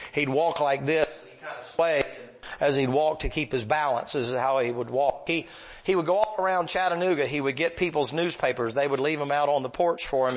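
Folksy older preacher. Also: male voice, a little high. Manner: folksy, animated, acts out voices. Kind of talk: sermon with storytelling.

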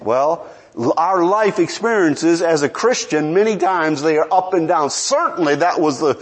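A man preaching a sermon in an animated way, asking the congregation questions and chuckling as he goes. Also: on the high side, measured pace.

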